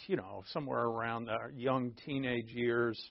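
A man teaching through a Bible passage in a relaxed, conversational way, explaining terms plainly and often restarting his sentences. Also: mid-range voice, moderate pace, gravelly, dry recording, lo-fi sound. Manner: conversational and digressive, with frequent restarts.

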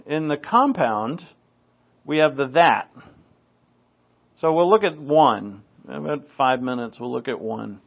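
A man from New England teaches scripture in a relaxed, joking sermon, drifting into asides as he goes. His voice sits at an ordinary middle pitch. The sound is thin and narrow, like it came down a phone line. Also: unhurried, creaky, long pauses. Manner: conversational and wry, with asides and dry jokes. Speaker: pastor. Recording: tinny phone-like recording.

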